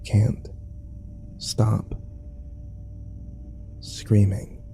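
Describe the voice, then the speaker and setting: Grim, mellow-voiced male horror narrator. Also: fairly low pitch, completely flat delivery, gravelly, faint music behind, rough recording. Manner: slow, grim storytelling that rises to frantic shouting in tense scenes.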